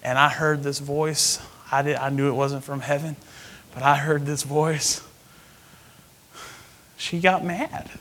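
A man preaching a sermon, telling a personal story with animated, sudden loud outbursts. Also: fairly high pitch, slow, pauses often.

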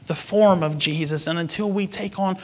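Man preaching, husky voice, fairly high pitch, storytelling with loud bursts. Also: normal speed. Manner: storytelling, animated, with sudden loud outbursts. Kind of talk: sermon with personal story.

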